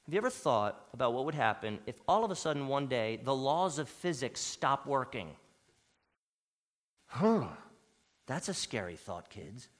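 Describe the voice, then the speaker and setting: A man preaching a sermon as pastor, emphatic, swinging from loud declarations to hushed, quiet lines. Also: medium pitch, big pitch swings, unhurried. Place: church sanctuary. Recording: long church hall reverb.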